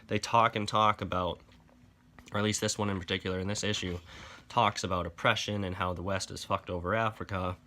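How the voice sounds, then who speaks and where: A man rants his way through a comic review, casual and exasperated, swearing freely and dripping with sarcasm. His voice sits low yet comes out bright and forceful.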